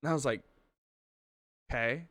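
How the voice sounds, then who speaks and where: A man on a podcast spins a rambling story with a bright, tense edge and crisp, smooth delivery. He swears freely and trips over restarts. The sound is dry and close. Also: on the high side, expressive, normal speed, no room sound. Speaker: podcast co-host. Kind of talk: casual storytelling chat.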